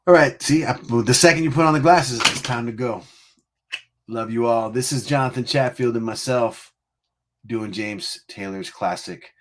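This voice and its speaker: A man from Connecticut, USA, hosts a music livestream, chatting casually in a playful, teasing, rambling way and laughing often. His voice sits in the mid-range and moves at a moderate pace.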